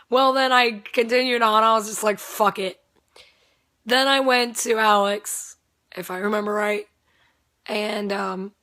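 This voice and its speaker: A young woman talks through a long story in a loose, rambling way, cursing casually and breaking into laughter. Her voice sounds strained and not at full strength, and her pitch sits in an ordinary middle range. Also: pushed and bright. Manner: rambling, swears freely, laughs often.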